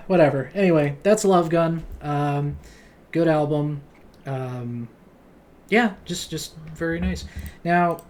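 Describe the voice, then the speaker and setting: A young man casually reviewing an album, relaxed and rambling, with many fillers and laughs. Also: mid-range voice, a little hiss or hum. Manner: relaxed, lots of ums and likes, laughs often. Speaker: music vlogger.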